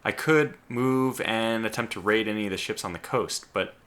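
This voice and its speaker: A man's voice: lowish voice, moderate pace, fairly bright tone. A man doing gameplay commentary, thinking aloud with stumbling restarts and sudden exclamations, keyboard clicks behind him. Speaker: let's play host.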